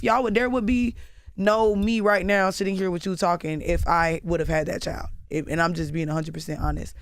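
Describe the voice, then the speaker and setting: A woman's voice: mid-range voice, no echo, clean studio sound. A young woman speaking as a guest in a candid interview, blunt and profane, rambling with many fillers. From Atlanta. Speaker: rapper guest.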